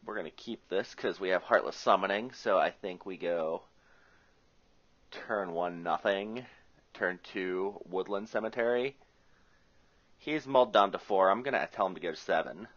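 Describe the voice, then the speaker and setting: A man's voice: low-pitched, normal speed, a bit bright. A man from the US Rust Belt giving chatty, joking play-by-play commentary on his own card game and thinking his moves through aloud. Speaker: Magic player commentating his own match. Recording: muffled lo-fi recording.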